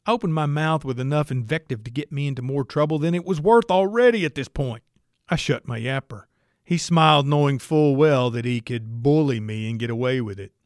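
A man's voice: mid-range voice, fairly quick, no room sound. A man narrating a story in the first person, with a wry, dry storytelling manner. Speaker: audiobook narrator.

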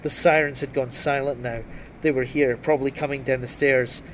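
A man reading a first-person crime novel aloud in a dry, wry, steady storytelling voice. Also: mid-range voice, normal speed, a little hiss or hum. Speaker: audiobook narrator.

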